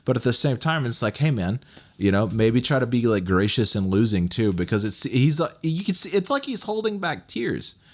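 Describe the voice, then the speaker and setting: A man's voice: medium pitch, sing-song, normal speed, few pauses. A young man from Texas co-hosting a casual podcast, rambling and laughing with lots of fillers. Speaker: podcast co-host. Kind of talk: casual chat.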